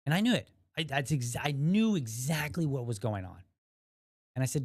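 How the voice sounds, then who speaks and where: A man in his thirties tells a story on his podcast in a mid-pitched voice. His telling is animated and rambling, with restarts and acted-out quotes. The sound is close and dry, with no room echo. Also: moderate pace. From USA. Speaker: podcast host. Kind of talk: casual storytelling monologue.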